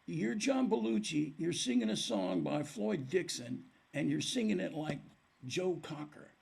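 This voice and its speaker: A man's voice: fairly high pitch, measured pace, gravelly, slightly rough. An older man, a musician guest on a podcast, telling stories and acting out the voices of people in them. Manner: animated storyteller acting out quoted dialogue. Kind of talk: storytelling in a podcast interview.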